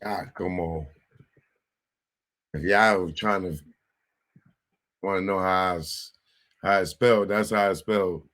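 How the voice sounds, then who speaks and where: A man's voice: sits low, steady tone, slow, pauses often, fairly bright tone. A man hosting a casual livestream, rambling and talking to himself while he sounds things out. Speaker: host.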